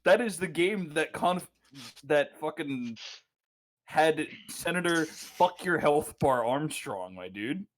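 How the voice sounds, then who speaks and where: A man's voice: a little high, expressive, takes it slowly, rough recording. A man making sarcastic, swearing remarks while chatting about fanfiction with friends. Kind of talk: comedic commentary chat.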